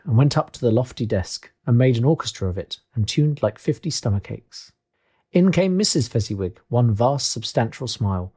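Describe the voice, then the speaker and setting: A man narrates a classic tale as an audiobook in a measured, expressive way. His voice is mellow and slightly husky. He sits at a middling pitch. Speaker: audiobook reader.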